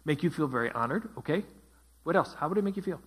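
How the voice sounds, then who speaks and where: A man's voice: on the high side, expressive, fast, breathy edge. A man teaching a Bible study as pastor, asking his group questions and repeating their answers. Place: church.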